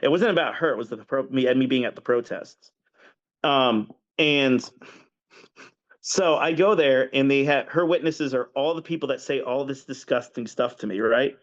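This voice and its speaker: A man's voice: medium pitch, moderate pace. Rambling man on dull lo-fi audio. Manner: rambling, with many restarts and fillers. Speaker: podcast guest. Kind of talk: casual storytelling in conversation.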